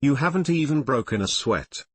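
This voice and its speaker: A man's voice: mid-range voice, expressive, moderate pace, breathy edge, dry recording. A man reading aloud, voicing a wry, determined teenage girl who teases dryly. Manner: dry teasing. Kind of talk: audiobook reading of fan fiction.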